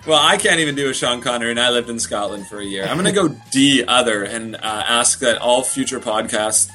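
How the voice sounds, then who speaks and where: A man's voice: medium pitch, pushed and bright, soft background music. A young man co-hosting a casual sports podcast, joking and playful in his banter. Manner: joking, playful, quick with impressions. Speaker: podcast co-host.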